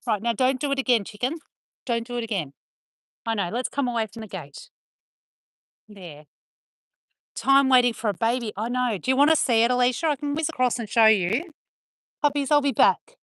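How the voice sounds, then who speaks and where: A woman's voice: fairly high pitch, moderate pace, pauses often, a bit bright, no room sound. Chatty woman, dry close sound. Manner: chatty, playful, teasing. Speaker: vlogger. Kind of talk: casual chat to camera and to her dogs. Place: outdoors on a farm.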